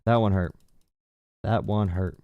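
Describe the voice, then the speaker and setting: A man's voice: fairly low pitch, steady tone, measured pace, dry recording, narrow, tinny audio. A man hosting a live political call-in stream, ranting bluntly and mockingly. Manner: mocking, blunt, says bro a lot. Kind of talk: casual streaming rant.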